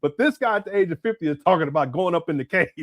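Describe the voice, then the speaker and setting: A man hosting lively laughing live-stream host. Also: high-pitched, racing, no room sound, clean studio sound. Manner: laughs often, reacts to clips.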